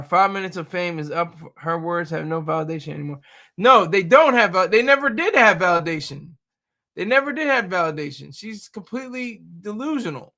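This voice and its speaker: A man hosting a casual livestream, riffing and joking with lots of laughter. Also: fairly high pitch. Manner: laughs often, animated, jokey riffing. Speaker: livestream host.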